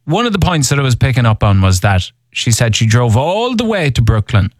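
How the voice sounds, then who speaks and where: A man's voice: mid-range voice, very animated, brisk, dry recording, studio quality. A man hosting a radio show, bantering playfully with callers and his co-host. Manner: teasing, playful.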